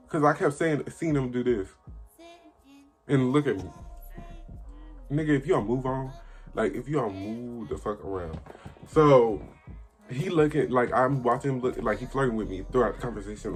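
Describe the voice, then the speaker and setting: A man's voice: medium pitch, normal speed, pauses often, faint music behind. An eighteen-year-old man casually telling a story to camera, blunt and profane, acting out what people said. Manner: blunt, profane, acts out quoted dialogue. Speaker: vlogger.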